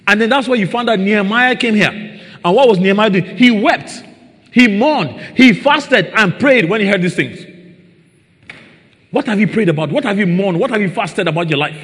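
A man preaching a sermon, often asking his listeners rhetorical questions. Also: on the high side. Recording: long reverb in a large hall.

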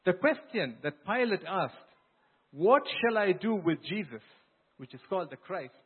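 A male pastor delivers an earnest, emphatic sermon, retelling scripture like a story. His voice sits a little high and has a husky, breathy edge. The sound is narrow and phone-like, as if carried over a thin line. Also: very animated, measured pace.

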